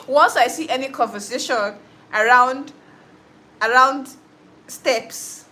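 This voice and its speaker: A woman's voice: high voice, slow pace, pushed and bright, poor audio. Chatty young woman hosting a livestream. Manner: chatty, laughs often, reads and answers viewer comments. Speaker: livestream host and musician. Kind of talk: casual livestream chat with viewers.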